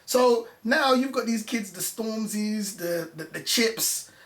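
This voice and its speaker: A male guest in a casual conversation recalls his years as a music journalist with animated passion. His voice sits high and he speaks slowly, in a room that rings with echo.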